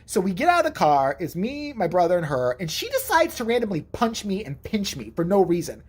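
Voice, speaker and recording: A man telling a story in a casual vlog, profane and animated, jumping into the voices of the people he quotes. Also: high voice, a little fast, breathy edge.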